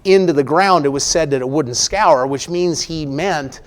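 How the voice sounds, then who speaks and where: A man's voice: on the high side, normal speed. A man giving a history talk to an audience, informal and self-correcting, who then reads a famous speech aloud with rising emphasis. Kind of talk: public lecture with a read-aloud speech. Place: lecture room with an audience.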